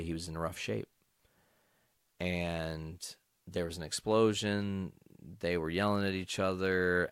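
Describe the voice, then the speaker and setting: A man's voice: low voice, fairly bright tone, no echo, clean studio sound. A young adult man hosting a podcast, telling a personal story with angry, profane, emphatic outbursts. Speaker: podcast host.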